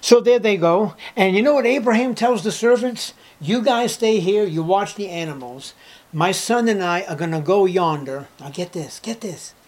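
A man with a high voice preaching a sermon, telling a story with flair. He keeps asking his listeners questions and sinks to a hushed near-whisper to drive a point home. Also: expressive, normal speed. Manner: asks the listeners rhetorical questions.

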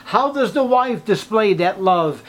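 A man with a high voice preaching a sermon, telling a story with flair. He keeps asking his listeners questions and sinks to a hushed near-whisper to drive a point home. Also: animated, a little slow. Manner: asks the listeners rhetorical questions.

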